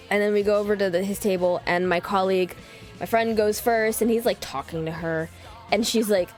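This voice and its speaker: A woman in her twenties telling a story casually on a livestream, chatty and animated, acting out quoted lines with big pitch jumps. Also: a little fast, faint music behind.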